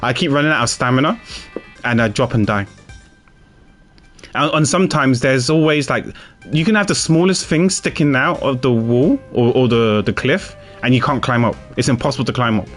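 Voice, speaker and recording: A man's voice: mid-range voice, animated, brisk, a bit bright, faint music behind. A man streaming a game, chatting casually in a rambling, self-deprecating way and laughing often. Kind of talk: casual gaming chat.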